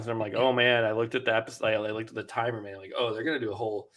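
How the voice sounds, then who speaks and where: A podcast co-host with a lowish voice talks rapid-fire while casually recapping a reality show. He's animated and acts out the players' quotes from the episode.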